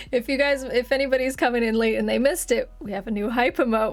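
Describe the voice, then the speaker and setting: A woman's voice: fairly high pitch, quick pace, hardly any pauses, faint music behind. A young woman from Texas chatting casually with viewers on a live stream, giggling and laughing often.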